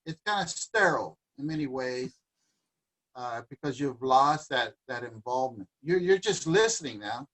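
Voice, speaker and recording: A man's voice: medium pitch, animated, moderate pace, fairly bright tone, low-quality recording. Reflective man mixing in Spanish words. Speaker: guest musician and dancer. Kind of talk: casual conversation. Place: home livestream.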